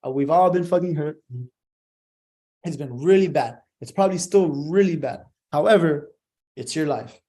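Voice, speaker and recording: Young man, profane motivational rant, emphatic and preachy, slightly high voice, mellow tone. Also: normal speed. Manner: swears constantly, emphatic, preachy.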